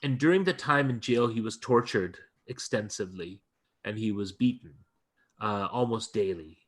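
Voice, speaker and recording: A man's voice: lowish voice, normal speed. A male guest lecturer in an interview, retelling a story earnestly and emphatically, often restarting his phrases.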